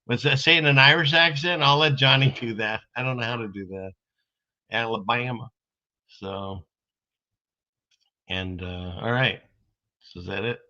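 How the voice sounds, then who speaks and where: A man's voice: mid-range voice, normal speed, pauses often, sharp tone. A man hosting a casual live stream, rambling in a folksy way as he reads out viewer comments. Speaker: streamer host. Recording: dull lo-fi stream audio.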